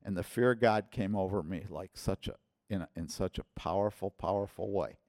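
A man preaching a personal testimony, his voice swelling loud when he quotes others. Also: deep voice, brisk, no echo, clean studio sound. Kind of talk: sermon testimony.

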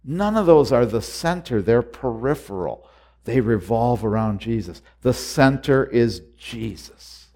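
A man preaching a sermon, earnest and repetitive, moving between quiet reflective lines and loud urgent exhortations. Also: medium pitch, lively intonation, a little slow.

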